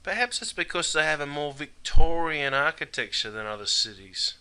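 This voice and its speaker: A man's voice: on the high side, animated, normal speed, sharp tone, smooth. A man with an Australian accent, narrating a scripted slang lesson in a folksy, wry way. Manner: folksy, wry, drops "mate" constantly. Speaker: English teacher.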